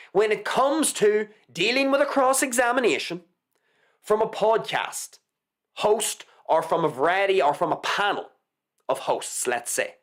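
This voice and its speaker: Scornful woman ranting live, lively pitch. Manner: combative and scornful, lectures the audience. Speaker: online commentator, show host. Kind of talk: live opinion monologue.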